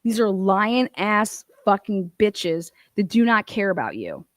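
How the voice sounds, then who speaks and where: A woman from Ohio delivers a fast, profane commentary rant and slips into mocking voices for other people. Her pitch sits in an ordinary middle range. The sound is dry and close, with no room around it. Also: sing-song, dry recording. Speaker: commentary channel host.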